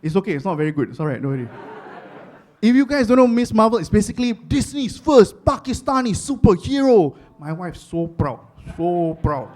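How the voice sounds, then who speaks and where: Speaking briskly in a high voice, this young man from Singapore performs stand-up with lively storytelling. His delivery carries a Singaporean accent and Singlish expressions.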